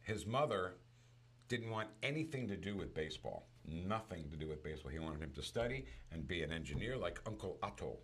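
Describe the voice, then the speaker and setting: A man chatting casually about movies, retelling scenes in an animated storytelling manner. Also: deep voice, brisk.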